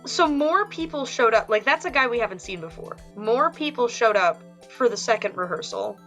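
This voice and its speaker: A woman's voice: fairly high pitch, lively intonation, normal speed, a bit bright. A woman streaming a game, chatting casually, swearing and reading the game's text aloud. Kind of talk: casual let's-play chat. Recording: faint game music behind.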